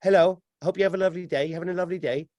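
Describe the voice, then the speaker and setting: A man's voice: high voice, fairly even intonation, very fast, darkish tone, no room sound, voice pushed up, natural voice. A man voicing a glitching, robotic female shop cashier who chirps in a mechanical, repetitive way. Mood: chirpy. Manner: chirpy, mechanical, repeats beeps.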